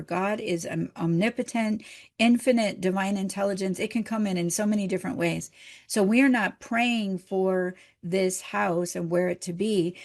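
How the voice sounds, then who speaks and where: Woman minister, middle-aged, mid-pitched voice; gentle, encouraging sermon delivery. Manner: gentle, encouraging, conversational preaching.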